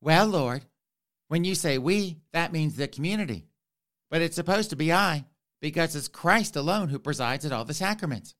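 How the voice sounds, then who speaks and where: A man's voice: fairly high pitch, expressive, moderate pace, a bit bright. A man voicing a fussy, prim bishop who explains himself nervously.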